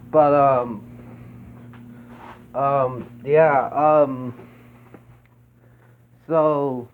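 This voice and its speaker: A man casually reviewing a movie, meandering with many fillers and restarts and swearing freely. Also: mid-range voice. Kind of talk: casual rambling film review. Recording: tinny phone-like sound with faint noise.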